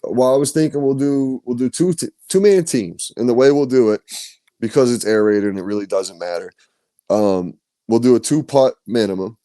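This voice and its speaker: A man's voice: medium pitch, normal speed, mellow, no room sound, studio quality. A man hosting a podcast, telling stories in loose, profane casual chat. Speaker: podcast host.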